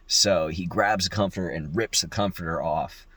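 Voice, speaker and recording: Deep-voiced man telling a profane story. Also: normal speed, slightly rough. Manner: profane, animated, mimics voices in quotes. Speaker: locksmith telling a work story. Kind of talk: casual storytelling monologue.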